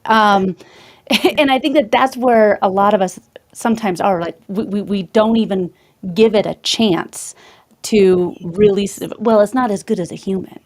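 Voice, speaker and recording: A woman's voice: mid-range voice, a little slow. A woman guest in a casual interview, loose and self-deprecating, laughing often between her words.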